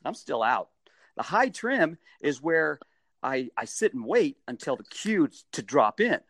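A middle-aged man telling a story in a casual interview, animated, jumping into high-pitched bursts when he acts out what people said. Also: unhurried, dry recording, clean studio sound. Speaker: guest, stadium mascot performer.

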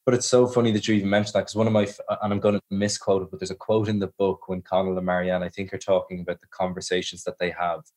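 This young adult from Ireland, an actor appearing as a podcast guest, speaks low and deep with a darkish tone and a flat delivery. He works through each answer slowly, measured and thoughtful, frequently stopping to reword what he just said as he reflects on his acting.

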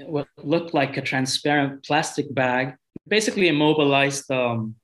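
A man from Europe, a guest telling a story in a casual, halting way, often repeating words and restarting. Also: mid-range voice, a bit bright, low-quality recording.

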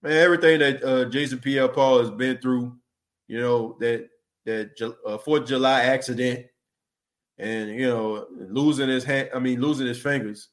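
A man with an ordinary, mid-pitched voice hosts a relaxed sports podcast. His talk is loose and conversational, full of repeated words and asides of "you know" and "man." He stops now and then to read out and answer comments from listeners. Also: normal speed. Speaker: podcast host.

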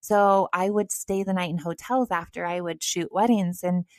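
A woman's voice: lowish voice, steady tone, moderate pace, a little mellow, dry recording, studio quality. A woman in her thirties co-hosting a podcast, talking to listeners in a casual, encouraging and direct way. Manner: encouraging, direct, addresses listeners as "girl" and "you guys". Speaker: podcast co-host. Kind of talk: casual motivational chat.

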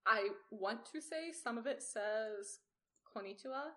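A woman's voice: fairly high pitch, animated, unhurried, sharp tone. A woman in her twenties co-hosting a casual podcast, joking around playfully and laughing easily. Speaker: podcast co-host. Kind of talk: casual chat.

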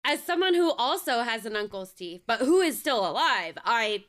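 Higher-voiced woman guest chatting. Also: sing-song, normal speed, fairly bright tone. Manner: chatty, laughs easily. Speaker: podcast guest. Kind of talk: casual chat.

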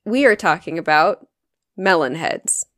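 A woman's voice: lowish voice, lively intonation, measured pace, fairly bright tone, no room sound, studio quality. A young woman co-hosting a podcast, chatting casually and playfully and laughing often. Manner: giggly, playful, tells the episode's topic. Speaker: podcast co-host. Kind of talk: casual chat.

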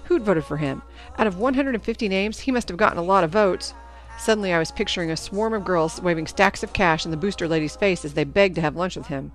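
A woman reading a novel aloud in first-person narration, with an even storytelling delivery. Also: on the low side, fast talker, faint music behind. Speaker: audiobook narrator.

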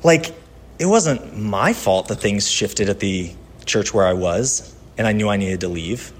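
A man pastor giving a sermon in a conversational style, telling personal stories and dropping from lively to hushed. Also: on the low side, measured pace, a little hiss or hum.

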